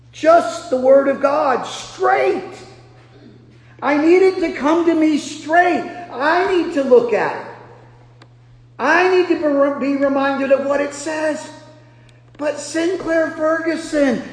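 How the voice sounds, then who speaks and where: A pastor from Nebraska preaching a sermon, telling self-deprecating stories and breaking into loud bursts. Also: male voice, extremely high pitch. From Nebraska, USA. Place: large church hall. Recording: echoey hall with long reverb.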